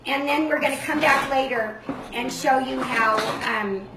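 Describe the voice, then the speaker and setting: Older woman, high voice, echoey room. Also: background noise. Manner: chatty, self-described fast talker. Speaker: cooking show host. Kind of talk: live cooking demonstration.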